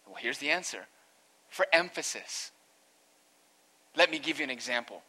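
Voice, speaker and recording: A man's voice: medium pitch, animated, normal speed, pushed and bright. A man, a pastor, preaching an earnest expository sermon that rises to emphatic peaks.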